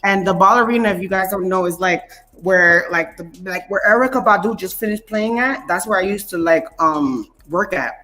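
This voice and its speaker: A woman telling a long story in casual chat, animated and full of profane slang. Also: mid-range voice, moderate pace.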